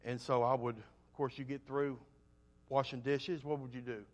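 A man preaching a sermon, telling homespun stories in a folksy way and swinging between loud emphasis and soft asides. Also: medium pitch, level tone, moderate pace.

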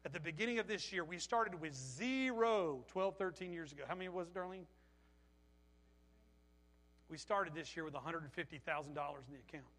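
A man preaching a sermon, telling stories with animated energy and bursting into shouted quotes. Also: on the high side, fast, long pauses. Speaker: pastor. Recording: long hall reverb.

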